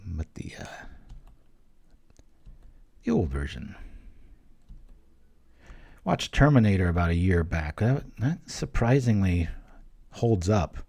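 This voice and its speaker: A man's voice: low voice, sing-song, slow, creaky, long pauses, dark tone, breathy edge. A man giving casual, rambling commentary over a card game he is playing, joking and chatting between plays. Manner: rambling, jokey, chatty asides. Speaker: gameplay commentator.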